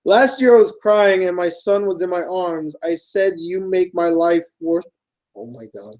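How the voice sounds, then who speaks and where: High-voiced animated man reading fan mail. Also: measured pace, rough recording. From United States. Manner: animated, reacting aloud, swears casually, drifts from loud exclamations to quiet mumbles.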